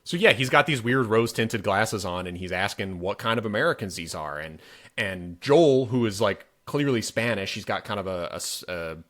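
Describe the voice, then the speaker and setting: A man's voice: fairly low pitch, animated, moderate pace, a bit bright. A man co-hosting a podcast, casually recapping a movie scene with blunt, profane emphasis. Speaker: podcast co-host. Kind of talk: casual film review chat.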